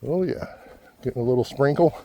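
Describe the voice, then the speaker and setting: A man out of breath on a steep desert trail talks to the camera as he climbs. His voice is mellow and his tone is easygoing and self-mocking. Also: mid-range voice, brisk. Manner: chatty, self-deprecating. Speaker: vlogger. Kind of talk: casual hiking vlog. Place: outdoors on a desert hiking trail.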